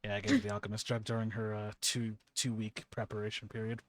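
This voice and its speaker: A man running a tabletop game as game master, narrating with frequent laughter and quick asides. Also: on the low side, flat delivery.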